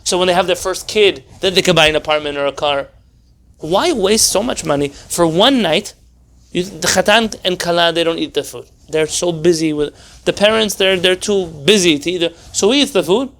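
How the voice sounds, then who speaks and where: High-voiced rabbi, wry and animated. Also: male voice, normal speed. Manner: animated, full of rhetorical questions; wry, sarcastic humor. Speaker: rabbi teaching a class. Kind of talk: informal Torah class.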